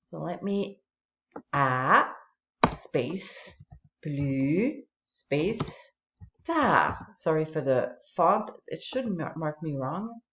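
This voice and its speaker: Teacher's screen-recording voice: a woman, slow and patient with a lively sing-song pitch, dull echoey room sound. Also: slight background noise. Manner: lively, patient, explaining step by step. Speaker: French teacher. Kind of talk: screen-recorded tutorial walkthrough.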